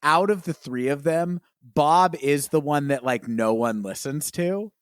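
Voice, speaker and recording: A man's voice: a little high, unhurried, smooth, dry recording, studio quality. A man co-hosting a podcast, talking casually and animatedly about a film and laughing as he retells scenes. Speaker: podcast co-host.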